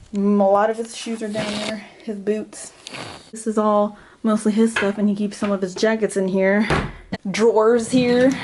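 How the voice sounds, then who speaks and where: A young woman with a mid-range, slightly dark voice gives a casual vlog tour of her small rented house, walking from room to room. She's chatty and giggly, a bit out of breath, and fills her talk with "like." There's a little background noise.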